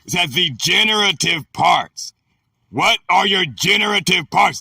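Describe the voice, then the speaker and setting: A man reading dictionary entries on scripture words and explaining them in loud, slangy bursts. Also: sits high, lively intonation, vocal fry, slightly rough, no room sound, recorded from a distance. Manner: reads definitions slowly, then riffs in loud slangy bursts. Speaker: scripture teacher. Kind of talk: bible word-study talk, reading then explaining.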